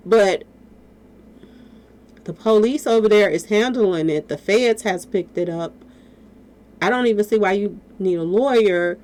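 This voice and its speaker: Addressing her audience directly, a woman vlogger gives laid-back commentary peppered with rhetorical questions. Her voice sits in the mid-range with a somewhat dark tone.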